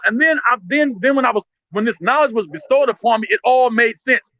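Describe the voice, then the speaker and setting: A man's voice: very high voice, animated, a little fast, hardly any pauses, dry recording, dull audio. A man speaking in heated, blunt commentary, profane and impassioned, often restarting his sentences.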